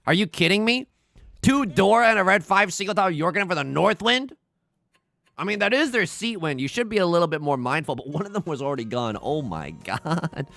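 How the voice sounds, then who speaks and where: A man's voice: on the high side, very animated, brisk, creaky, bright, forceful tone, faint music behind. A man streaming a tile game, joking and pleading dramatically as he plays. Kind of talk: casual livestream commentary.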